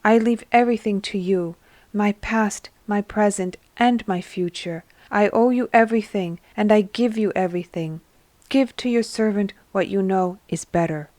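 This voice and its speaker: A woman voicing Johanna, a young woman newly cured and overjoyed, who speaks fervently, higher and louder than the narration, in a storybook reading. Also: normal speed, no room sound, close to an everyday voice. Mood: devoted.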